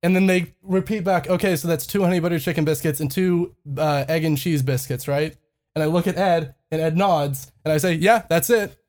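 Young podcast co-host telling a profane anecdote, laughing as they go, middle pitch. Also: steady tone, fairly quick, a little mellow. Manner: profane, laughs through the story. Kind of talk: casual storytelling.

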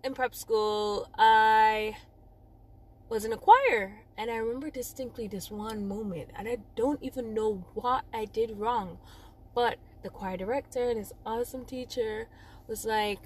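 A young woman from Jamaica with a Jamaican accent, telling a personal story in a rambling, animated way, often correcting herself and laughing at herself. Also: fairly high pitch, unhurried, slight background noise.

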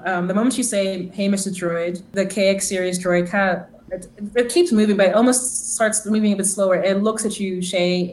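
A woman's voice: medium pitch, a little hiss or hum, poor audio. A woman narrating as game master of a tabletop game, chatty and loose, full of restarts and fillers.

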